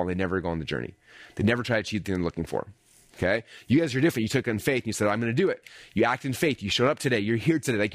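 A man teaches a live group in a rapid, energetic motivational style. He often acts out inner voices with sharp jumps up in pitch. The sound is close and dry, with no room echo. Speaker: speaker teaching a paid VIP group.

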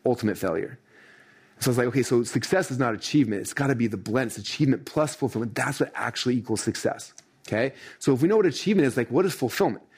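Fast-talking husky male success coach. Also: mid-range voice. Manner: energetic, leans on "right?" and "like". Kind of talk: motivational training talk. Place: room with a live audience.

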